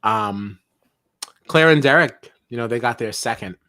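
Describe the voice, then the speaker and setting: A man co-hosting a reality TV podcast in casual chat, animated, often mocking people in exaggerated quoted voices. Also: mid-range voice, unhurried, no echo, studio quality. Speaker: podcast co-host.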